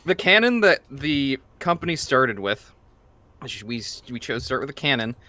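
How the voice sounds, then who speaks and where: Lively, bright-voiced tabletop game host. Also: male voice, mid-range voice, moderate pace. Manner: rambling, restarts and laughs often. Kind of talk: casual chat before a tabletop game.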